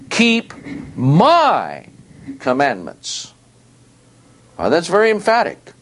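A male Bible teacher who talks slowly and carefully, with a lot of rise and fall in his pitch. He reads verses aloud and repeats key words to drive home each point. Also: a little hiss or hum. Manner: deliberate, stresses words and repeats them for emphasis.

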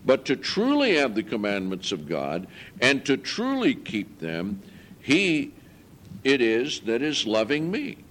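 Male preacher, mid-pitched voice, earnest and emphatic sermon delivery with deliberate scripture reading. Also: huge pitch swings, a bit bright. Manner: earnest, emphatic, rising in pitch on key points.

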